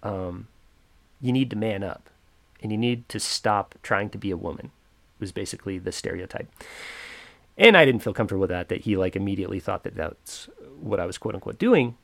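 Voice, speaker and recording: A young man tells a personal story in a low, gravelly voice. He speaks reflectively and haltingly, with many fillers. The sound is dry and close. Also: animated, dry recording. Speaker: podcaster.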